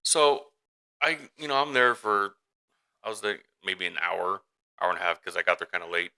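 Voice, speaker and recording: A man's voice: low voice, fairly even intonation, moderate pace, bright, forceful tone, smooth, rough recording. A man co-hosting a casual podcast who tells a rambling story as a worried father, with many restarts and acted-out quotes. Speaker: podcast co-host. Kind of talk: casual chat.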